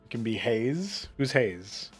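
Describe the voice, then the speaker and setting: A man's voice: medium pitch, sing-song, takes it slowly. A man running a tabletop game session in casual, joking chat with players, laughing often. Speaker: game master. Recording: faint theme music behind.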